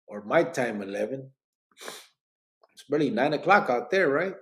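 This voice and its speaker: A man's voice: mid-range voice, expressive, normal speed. A man, hosting a late-night live podcast, reading viewer comments aloud in a laid-back, joking way and mixing in Spanish slang, sounding sleepy and yawning. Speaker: livestream podcast host.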